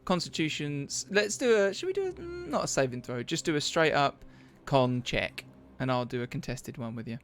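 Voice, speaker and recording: Rambling game master. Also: male voice, fairly high pitch, big pitch swings, a little fast, a bit bright. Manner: rambling, hesitant, laughs often. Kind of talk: narrating a tabletop game.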